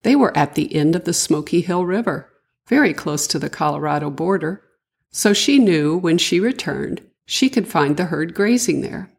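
An older woman, a grandmother, narrating a children's story in a gentle, sing-song way with a breathy voice. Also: on the low side, animated, normal speed.

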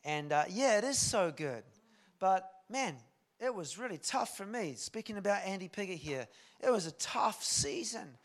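Dramatic preacher, loud then hushed. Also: male voice, sits high, lively intonation, moderate pace. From New Zealand. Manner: dramatic reading, rising loud then dropping to whispers. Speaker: guest preacher. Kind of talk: sermon.

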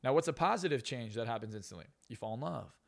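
A man's voice: mid-range voice, animated, vocal fry. A man, a hypnotist and success coach, telling boastful stories as a podcast guest. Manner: fast, boastful storytelling. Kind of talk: casual podcast interview.

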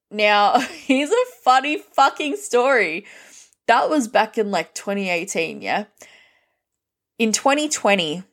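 An Australian woman hosting a podcast, telling dating stories in a blunt, casual monologue full of swearing and acted-out quotes. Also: mid-range voice. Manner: blunt, heavy swearing, lively retelling with quoted dialogue. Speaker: podcast host.

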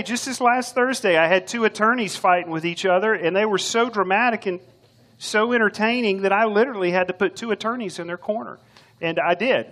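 Older texas guy subbing as preacher, kinda high voice, folksy and jokey. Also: a bit bright. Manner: folksy, joking storyteller. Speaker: substitute preacher. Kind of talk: sermon.

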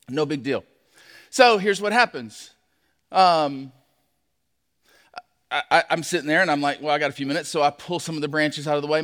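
Male pastor, high voice, animated storyteller; sermon in a reverberant hall. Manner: animated storytelling, acts out his own shouts.

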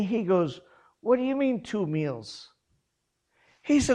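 A man's voice: extremely high pitch, unhurried, pauses often. A man who grew up in South Korea, a missionary telling a funny anecdote and acting out the people in it. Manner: animated anecdote with quoted voices, chuckling. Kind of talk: storytelling talk.

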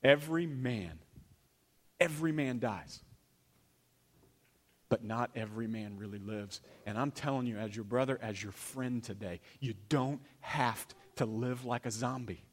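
A man preaching a sermon in a church, animated, swinging between loud emphasis and hushed near-whispers. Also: mid-range voice, measured pace. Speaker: pastor.

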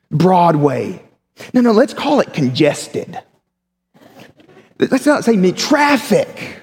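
A male pastor preaching a sermon in a lively, conversational way, with humorous asides. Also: high voice, takes it slowly, long pauses. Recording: long hall reverb.

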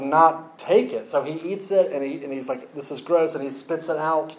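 A man preaching a sermon, telling a story with lively acted-out quotes. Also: a little high, roomy sound, slight background noise, low-quality recording. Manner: animated storytelling, acts out quoted voices.

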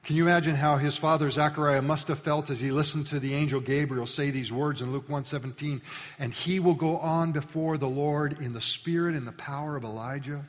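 Male pastor, interactive sermon, animated loud-to-soft delivery, slightly high voice, long hall reverb. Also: fairly quick. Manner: animated, sweeps from loud rallying calls to hushed low appeals. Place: church sanctuary.

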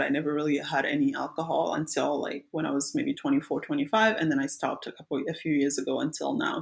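A woman, around her late twenties or thirties, casually telling a personal story with many fillers and restarts, in a reflective, soft-spoken way. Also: low voice.

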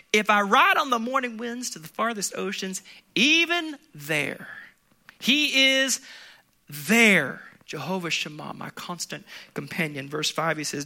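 A pastor preaches a sermon, his voice climbing to loud, emphatic peaks and then dropping to hushed, low passages. He laughs between his points.

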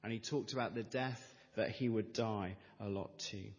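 A middle-aged man preaching a sermon as pastor, measured and emphatic, building with repeated phrases. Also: fairly low pitch, steady tone. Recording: reverberant church hall.

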